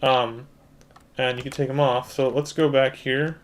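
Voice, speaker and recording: A man's voice: mid-range voice, little pitch movement, a little slow. A man hosting a gaming channel, chatting casually as he plays a computer game and explains the controls to his viewers. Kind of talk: casual let's-play commentary.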